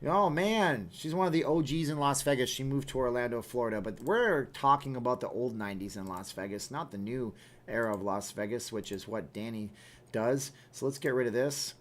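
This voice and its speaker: A man's voice: mid-range voice, brisk. A man in his thirties hosting a casual livestream, reading viewer comments aloud and answering them. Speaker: livestream host.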